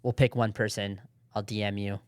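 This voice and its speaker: A young man co-hosting a podcast, telling stories in a relaxed, rambling way. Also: on the low side, moderate pace, smooth, no echo. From Southern California. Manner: relaxed, rambling storytelling with laughs. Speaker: podcast co-host. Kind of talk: casual chat.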